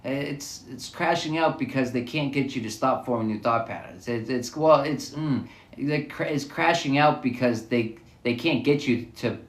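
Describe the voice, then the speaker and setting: A man's voice: medium pitch, moderate pace, reverberant. A man musing through a rambling, repetitive spiritual monologue, looping back over his phrases as he thinks aloud.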